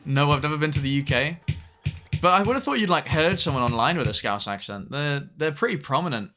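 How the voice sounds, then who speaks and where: A man's voice: on the high side, expressive, a little fast, pushed and bright, faint music behind. A young man chatting casually with viewers while streaming a game, swearing now and then at the game. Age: young adult. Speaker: streamer reading chat.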